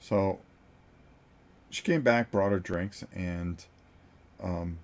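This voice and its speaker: A man in his sixties with a very low, deep voice, hosting his own board game channel. He tells a story to his viewers in a loose, joking way and chuckles between sentences. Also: drawn-out words. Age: 60s. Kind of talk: casual storytelling chat to viewers.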